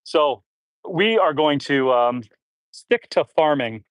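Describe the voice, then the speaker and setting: A man from Canada livestreaming from his farm outdoors, talking casually to viewers on a phone as he works. His voice sits a little high for a man, and the sound is dry and close. He grunts and sighs between loads and runs a bit out of breath. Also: lively intonation, slow, no room sound. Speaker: homestead livestreamer. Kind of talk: casual live chat reading comments while working.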